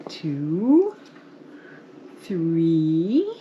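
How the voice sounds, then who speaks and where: A woman's voice: low voice, wildly swooping pitch, very slow, muffled recording, slight background noise. A woman chatting casually and counting cards as a guest in a home crafting session. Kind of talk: casual chat.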